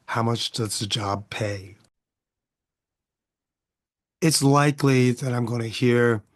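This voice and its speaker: A middle-aged man hosting his own podcast, talking through a casual monologue full of rhetorical questions and tags of "right?". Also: mid-range voice. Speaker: podcast host.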